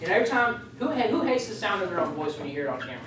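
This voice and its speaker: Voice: mid-range voice, big pitch swings, rapid-fire, crowd noise. A youth leader giving a casual, joking sermon, full of rambling asides. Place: youth group meeting room. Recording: very echoey room, voice far from the mic.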